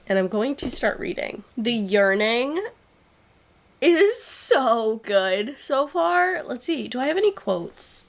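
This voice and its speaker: A young woman vlogging casually about a book she is reading, gushing and excitable, often saying "like". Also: medium pitch, low-quality recording.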